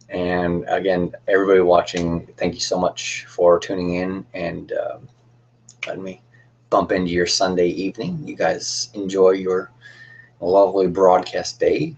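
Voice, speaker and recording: A man's voice: deep voice, creaky, husky. A young man hosting a casual cosplay livestream, chatting in a rambling, friendly way with lots of fillers and restarts.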